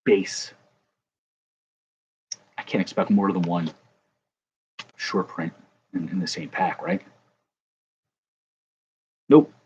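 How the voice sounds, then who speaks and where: A man's voice: low voice, slow, pauses often, a little mellow, slight background noise. A man opening baseball cards on camera, joking and rambling to his viewers in casual commentary. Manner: jokey, rambling, talks to viewers. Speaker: card-breaking vlogger. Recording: dull lo-fi sound, faint ambience.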